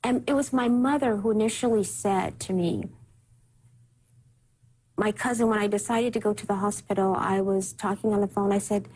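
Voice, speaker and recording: A woman giving an emotional personal account in an interview, soft-spoken and halting, often repeating herself. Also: mid-range voice, fairly even intonation, a little hiss or hum.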